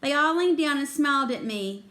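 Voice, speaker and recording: A woman's voice: sits high, lively intonation, moderate pace, pushed and bright. A woman reading a children's chapter book aloud, expressively voicing the characters. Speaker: reader.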